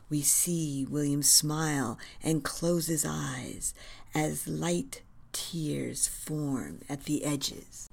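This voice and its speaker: A woman reading a screenplay aloud, narrating scenes in a reverent, measured manner. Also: sits low, fairly even intonation, gravelly, slightly rough.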